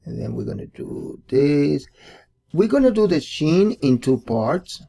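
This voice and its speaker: A man's voice: fairly high pitch, sing-song, a little slow, gravelly, warm tone. A man hosting a casual drawing tutorial, thinking aloud and repeating words as he sketches. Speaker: art tutorial host.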